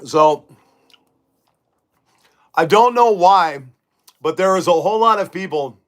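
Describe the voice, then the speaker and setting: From his bedroom, a middle-aged livestream host chats casually and forcefully, reading out comments from his viewers as he goes. He has a slightly high, somewhat bright voice.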